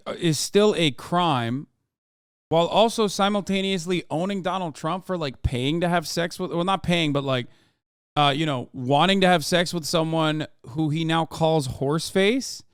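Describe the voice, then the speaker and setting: A man's voice: fairly high pitch, smooth, no echo, clean studio sound. A man reacting to the news on a live stream, with sarcastic, rambling, mocking commentary.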